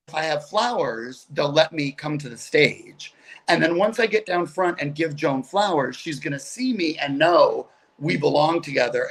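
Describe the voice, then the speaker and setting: A man's voice: fairly high pitch, creaky. A middle-aged man, a guest comedian, telling stories animatedly over a video call. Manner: animated, chatty, quick asides. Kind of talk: casual storytelling on a video call.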